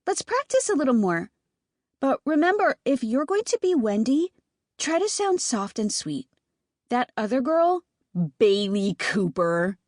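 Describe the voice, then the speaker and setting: Woman narrator putting on a little girl voice, high and sweet, eager, adoring, storybook reading. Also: very animated, measured pace, darkish tone, dry recording, clean studio sound, full character voice. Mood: encouraging. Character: eager little sister, admiring and playful.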